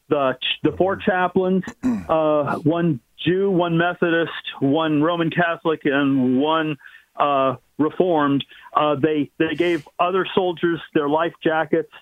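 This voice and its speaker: A man phones in to a radio show. His voice comes through a thin phone line with no room sound. He speaks somewhat high, telling his story in a dry, wry way. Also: no room sound. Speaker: caller. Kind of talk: casual radio call-in chat.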